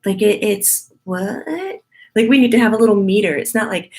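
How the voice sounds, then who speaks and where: A woman medium giving a casual, chatty spiritual teaching talk to her group, with a husky morning voice and playful laughing asides. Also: mid-range voice, brisk.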